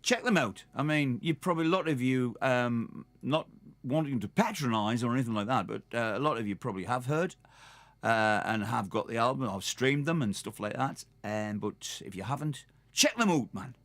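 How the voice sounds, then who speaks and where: A man's voice: medium pitch, lively intonation, moderate pace, fairly bright tone, dry recording. Rambling Geordie man hosting a stream. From North East England. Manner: rambling, chatty, self-mocking. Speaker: live stream host. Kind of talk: casual chat to viewers.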